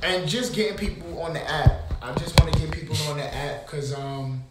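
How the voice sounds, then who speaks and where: A man on a podcast as a guest, speaking haltingly with plenty of fillers. His voice sits slightly high. The room is echoey. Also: heavy background noise. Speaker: podcast guest, app founder. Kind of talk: casual chat.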